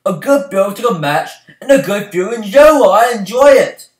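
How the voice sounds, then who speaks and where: A young man ranting as a fan vlogger, swinging from loud outbursts to low mumbling. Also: normal speed, recorded from a distance. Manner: excitable, swings from shouting to mumbling. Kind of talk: heated ranting. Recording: echoey room, voice off-mic.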